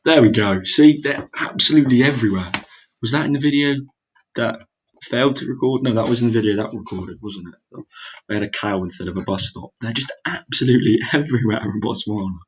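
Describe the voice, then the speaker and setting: This gaming creator, a young man, gives laid-back commentary as he plays a geography guessing game, mumbling along, exclaiming, and teasing himself over wrong guesses. He speaks a little fast at medium pitch; the audio is poor, with slight background noise.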